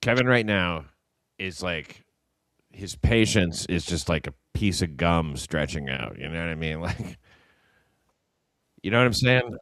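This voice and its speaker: A man's voice: low voice, lively intonation, measured pace, long pauses, a bit bright, no room sound, clean studio sound. A man hosting a show, casually commenting on clips in a rambling, amused way with lots of fillers.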